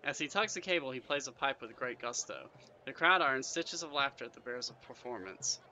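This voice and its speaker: A man's voice: mid-range voice, animated, a little fast, pushed and bright, a little hiss or hum, rough recording. A man reading a fantasy gamebook aloud, narrating in second person with chatty asides. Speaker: gamebook player and reader.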